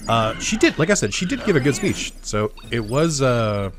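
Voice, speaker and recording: A man's voice: medium pitch, very animated, normal speed. A man hosting a let's play, chatting casually and rambling with self-deprecating asides while he plays. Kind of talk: casual gameplay commentary.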